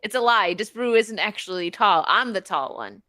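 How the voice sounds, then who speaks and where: Woman, stream host, bright voice, dry close sound, giggly, reads donations. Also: mid-range voice, expressive, moderate pace, no echo. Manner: laughs often, reads out donations. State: tired. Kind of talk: casual live-stream chat.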